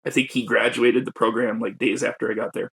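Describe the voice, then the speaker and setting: A man's voice: medium pitch, little pitch movement, brisk, gravelly, a bit bright, slightly rough. A man, a guest poet and educator, telling his personal story in a reflective, openly emotional way with self-conscious laughs.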